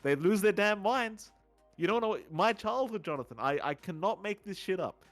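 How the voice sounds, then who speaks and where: Animated Australian man, lively pitch. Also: moderate pace, soft background music. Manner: animated, swearing storyteller. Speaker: podcast co-host. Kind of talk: casual chat.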